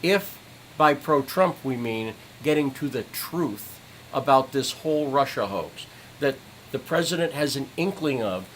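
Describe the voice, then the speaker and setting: A man's voice: medium pitch, slight background noise, poor audio. Furious middle-aged man ranting, profane. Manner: furious, profane, repeats phrases for emphasis. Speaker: citizen journalist streamer. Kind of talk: angry livestream rant.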